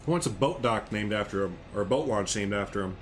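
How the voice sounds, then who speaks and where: A man from the American Midwest with a Chicago accent, chatting quickly and laughing often while streaming a game. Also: on the low side, expressive, faint music behind. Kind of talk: casual game stream chat.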